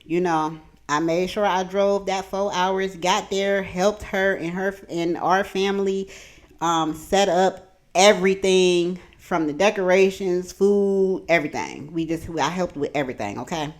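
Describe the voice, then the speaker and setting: Animated, cussing woman telling a story. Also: fairly low pitch, unhurried. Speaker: vlogger. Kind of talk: casual storytime. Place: home kitchen.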